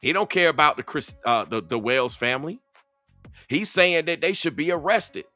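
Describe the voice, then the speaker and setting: A man's voice: on the high side, lively intonation, moderate pace, bright, forceful tone, dry recording, soft background music. A man with a Southern US accent giving heated, repetitive reaction commentary as a content creator. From Southern United States. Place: Atlanta.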